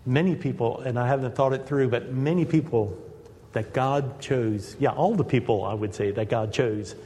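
A man preaching to his congregation in a church, earnest and direct, rising to emphatic peaks as he drives his points home. His voice sits at an ordinary pitch for a man, and a long reverb from the sanctuary trails after each phrase. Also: normal speed, dark tone. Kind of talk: sermon.

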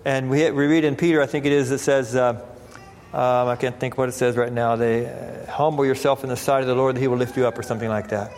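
A man's voice: mid-range voice, steady tone, fast, a little mellow. A man preaching a sermon, reading scripture in old-fashioned wording and repeating phrases as he builds emphasis. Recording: reverberant hall.

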